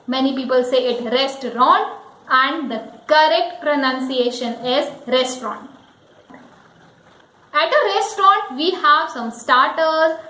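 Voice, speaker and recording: A woman teaching pronunciation, slowly repeating each word several times. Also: sits high, fairly bright tone, echoey room, poor audio. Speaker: English teacher. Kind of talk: pronunciation lesson.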